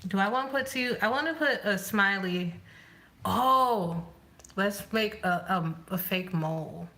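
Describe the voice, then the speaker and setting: A woman vlogger chatting casually to herself as she does her makeup, rambling and thinking out loud. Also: medium pitch, expressive, measured pace. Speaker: beauty vlogger. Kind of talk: casual chat while doing makeup.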